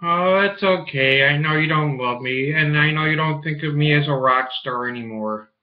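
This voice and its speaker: A man's voice: fairly high pitch, moderate pace. A man vlogging casually, with crude, teasing banter. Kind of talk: casual vlog talk. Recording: muffled echoey room.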